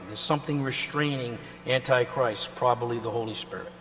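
A man of middle pitch preaching to his congregation, his voice carrying a long echo through the hall. He jumps between forceful emphasis and near-quiet asides, and keeps prompting the listeners to answer his questions. A faint mains hum sits under the recording. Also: a little fast, few pauses. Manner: call-and-response questions to the congregation. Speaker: pastor. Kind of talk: sermon.

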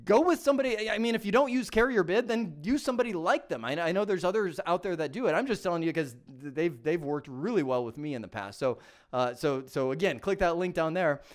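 A middle-aged man from Michigan teaching a casual tech lesson, animated and repeating his words as he acts out phone calls. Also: a little high, fairly quick. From Michigan, USA. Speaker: tech instructor.

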